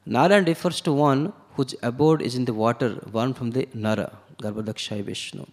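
A man's voice: mid-range voice, normal speed, hardly any pauses. A man giving an explanatory lecture on scripture, walking through verses and the meaning of words one step at a time. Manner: chants verses in Sanskrit. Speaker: scripture class teacher. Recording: long echoing hall reverb.

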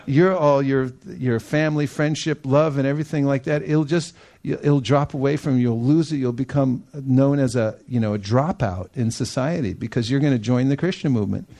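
A man giving a storytelling sermon, animated, acting out the people he quotes and laughing often. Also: mid-range voice, moderate pace, hardly any pauses. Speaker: devotional speaker.

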